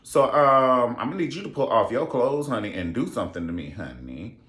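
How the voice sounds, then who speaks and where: A man's voice: big pitch swings, a little fast, a bit bright, roomy sound. A man voicing a bold young noblewoman in a comic retelling, sassy and profane in a raised voice. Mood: brazen. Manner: sassy, profane, high-pitched. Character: bold newlywed young noblewoman, demanding and brash.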